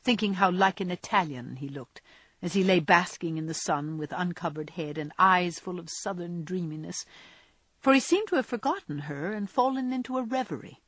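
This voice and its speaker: A woman narrating a classic novel as an audiobook, measured and expressive. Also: on the low side, no echo.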